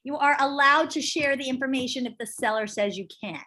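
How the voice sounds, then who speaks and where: A woman teaching a class in a brisk, emphatic, chatty way, often asking the group questions. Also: high-pitched, pushed and bright. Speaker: real estate instructor. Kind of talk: casual teaching talk to a class.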